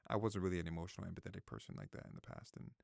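Man, 30s, gravelly voice, dry close sound, casual vlog talk, emotional, swearing, near tears. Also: low-pitched, very animated, very fast, a little mellow, no room sound. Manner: emotional, swears freely, repeats phrases. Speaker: vlogger. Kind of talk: casual opinion talk to camera.

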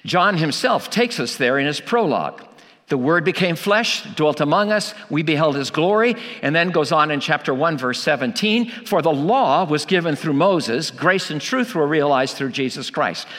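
A man's voice: on the high side, expressive, moderate pace, a bit bright, long reverb tail. A man preaching a sermon, emphatic, asking rhetorical questions and repeating key lines for weight.

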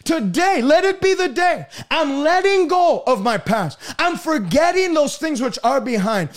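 A man preaching a fervent broadcast sermon, repeating words and breaking into bursts of shouting. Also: very high voice, big pitch swings, unhurried.

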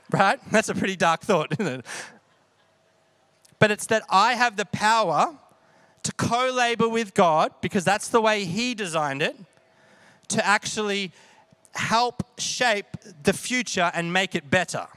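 A man's voice: high voice, animated, unhurried, bright, forceful tone, no echo. A man preaching a sermon in a conversational way, often checking in with the audience. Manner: conversational, asks the audience questions. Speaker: pastor.

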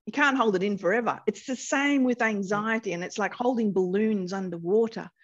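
A woman guest therapist explaining with expressive energy and vivid everyday analogies. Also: medium pitch, a little fast, muffled recording. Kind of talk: animated explanatory interview talk.

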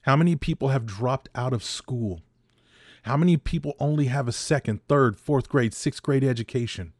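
Man, 50s, podcast host, ranting monologue, middle pitch, dry close sound. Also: normal speed, darkish tone, no echo. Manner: impassioned, ranting, repeats points for emphasis.

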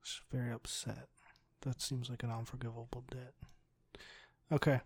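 A man's voice: medium pitch, little pitch movement, normal speed, vocal fry, breathy edge, no echo, studio quality. A man with a Newfoundland accent playing a tabletop game, hesitant and thinking aloud. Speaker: player. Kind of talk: casual tabletop game play.

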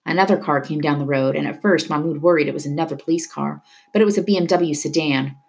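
A woman reading a novel aloud with steady storytelling narration. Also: low-pitched, quick pace, vocal fry. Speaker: reader.

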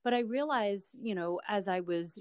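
A woman's voice: mid-range voice, moderate pace, darkish tone, clear, resonant tone, dry recording. A woman hosting a podcast interview, talking in an earnest, emotional, chatty way and sounding close to tears. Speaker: podcast host.

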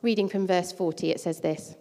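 A woman's voice: fairly low pitch, steady tone, fairly quick, dark tone. Woman preaching in a reverberant hall. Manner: conversational, with casual asides and fillers. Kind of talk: sermon with Bible reading. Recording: long reverb of a large hall.

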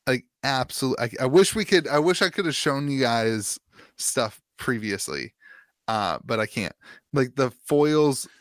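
A man chatting on a podcast, circling his points with fillers and self-corrections. His voice sits at an ordinary middle pitch. The recording is dry and close. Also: lively intonation, unhurried, dry recording. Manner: rambling, full of fillers and restarts. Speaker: podcast co-host. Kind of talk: casual chat.

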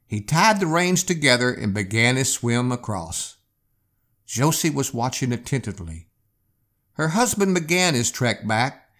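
Male host, slow dramatic history storyteller. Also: medium pitch. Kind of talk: storytelling narration.

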